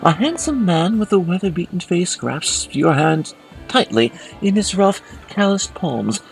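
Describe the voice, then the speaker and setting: A man's voice: high voice, expressive, a little slow, creaky, faint music behind, rough recording. A man hosting a let's play, narrating and commenting on a role-playing game in a playful, theatrical way. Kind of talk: game commentary and reading dialogue aloud.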